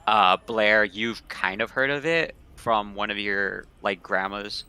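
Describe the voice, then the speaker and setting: A man's voice: on the low side, fairly even intonation, slow pace, sharp tone, smooth. A young man narrating as game master in a tabletop role-playing session over a call, casual and loose with many fillers.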